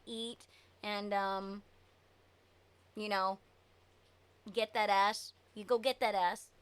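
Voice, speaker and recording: A woman's voice: a little high, a bit bright, smooth. A woman streaming live, chatting casually with her viewers. She is chatty and giggly and trails off with fillers.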